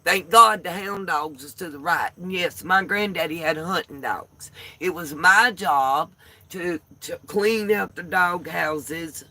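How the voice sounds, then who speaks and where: A woman's voice: lowish voice, bright, forceful tone. A woman, the host of a livestream, telling a profane, colorful down-home story in a casual way.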